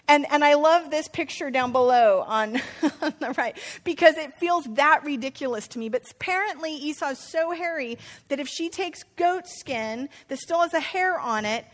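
A woman's voice: sits high, normal speed. A woman teaching a casual Bible study, chatty and playful, often turning to her listeners with questions.

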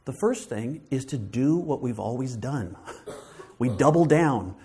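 Male guest preacher, gentle conversational storyteller, mid-pitched voice, relaxed sermon delivery. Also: unhurried. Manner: gentle, conversational storytelling with frequent "you know" and "right?". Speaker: guest speaker and author.

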